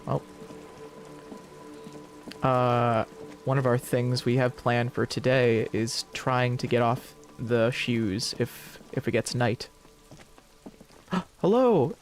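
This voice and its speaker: A man's voice: mid-range voice, completely flat delivery, takes it slowly, pauses often. Giggly man co-hosting a game stream. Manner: giggly, playful, laughs often. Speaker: let's play co-host. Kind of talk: casual gameplay chat. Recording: faint music and rain from the game.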